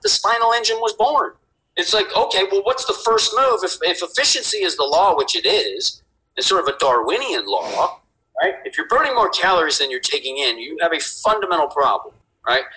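Hyped-up guy preaching about movement, tosses in "right?" all the time, bright voice. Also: sits high, rough recording. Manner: animated, emphatic, swears, repeats "right?". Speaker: guest, fitness inventor. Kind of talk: energetic podcast explanation.

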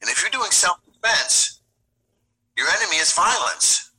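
A man's voice: sits high, sing-song, moderate pace, sharp tone, low-quality recording. A man talking as a self-defense instructor in a casual interview, blunt, streetwise and profane.

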